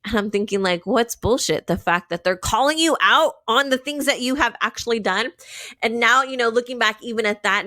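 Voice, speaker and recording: A woman hosting her own podcast, ranting in an animated, blunt way, swearing freely and often asking "right?". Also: on the high side, fairly quick, no echo, clean studio sound. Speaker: podcast host. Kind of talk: solo commentary rant.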